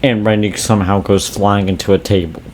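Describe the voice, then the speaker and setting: A man casually recapping a horror movie plot with a co-host, animated in his retelling. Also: a little fast, slight background noise. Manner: animated retelling, acts out quotes in high voices. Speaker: movie reviewer.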